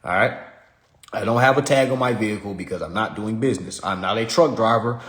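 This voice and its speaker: A man hosting a live stream, ranting in a casual comedic way, profane and animated, and laughing often. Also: on the low side, fairly quick, echoey room.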